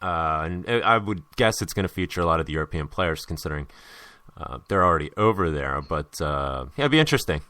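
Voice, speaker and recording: American guy, young, hungover, rambling with fillers, fairly low voice, dry close sound. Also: expressive, fast talker, sharp tone, no echo. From United States. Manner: rambling, many fillers and restarts. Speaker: podcast host. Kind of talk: casual sports chat.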